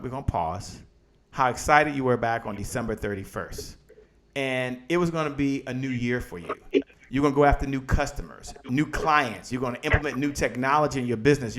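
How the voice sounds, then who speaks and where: A man's voice: medium pitch, fairly bright tone. A man hosting a live motivational business show, talking with energy and chanting the same lines over and over like a preacher. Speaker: host.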